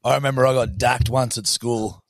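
Gravelly, crude-joking man. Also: mid-range voice, fairly even intonation, normal speed. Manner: crude, joking, lots of swearing. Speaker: podcast co-host. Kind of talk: casual chat.

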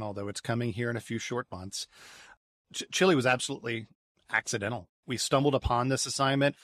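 A man tells stories as a podcast guest, animated and chatty, often doubling words as he starts over. His voice sits at a middle pitch. The sound is dry and close. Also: no room sound. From United States. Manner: lively storyteller, repeats words as he restarts. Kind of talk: storytelling in a conversational interview.

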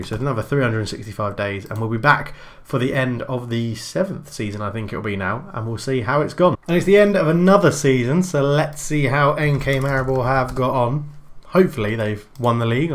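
Man, casual game commentary, chatty, self-correcting. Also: medium pitch. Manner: chatty, thinking aloud with fillers and self-corrections. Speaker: gaming channel host.

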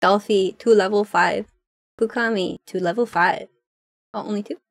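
A woman's voice: medium pitch, steady tone, moderate pace, dry recording. A young woman streaming a game, commenting casually and playfully, often giggling.

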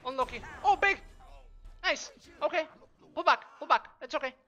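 A man streaming a game with casual, profane commentary, trash-talking and shouting during fights. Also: very high-pitched, lively intonation, soft background music. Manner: brash, profane, quick to trash-talk. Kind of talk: live gameplay commentary.

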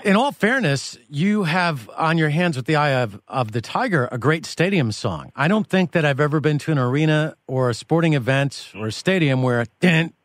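A man's voice: a little high, lively intonation, moderate pace, few pauses, no room sound, studio quality. A man hosting a radio interview, telling playful, teasing stories. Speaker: radio show host.

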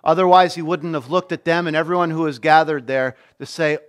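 High-voiced man preaching a sermon. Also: fairly even intonation, fairly quick, hardly any pauses. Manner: emphatic, repeats key phrases, acts out quoted voices. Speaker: pastor.

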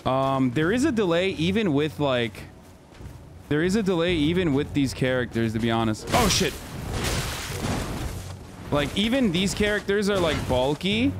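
A man's voice: on the high side, lively intonation, normal speed, long pauses, background noise. Brash swearing man streaming a game. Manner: yelps and shouts when dying. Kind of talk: live gameplay commentary. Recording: game music playing behind the voice.

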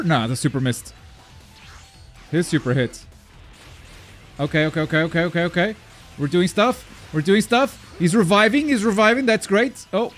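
A man commentating his own online game as he plays, talking to himself, muttering asides and then yelping loudly when things go wrong. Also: a little high, normal speed, pauses often, soft background music. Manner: excitable, swings from mumbled asides to loud yelps. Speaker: gaming YouTuber. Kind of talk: live gameplay commentary.

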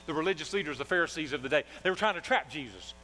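A man's voice: on the high side, lively intonation, racing, pushed and bright, poor audio. A male pastor preaching a sermon, emphatic, asking the congregation call-and-response questions.

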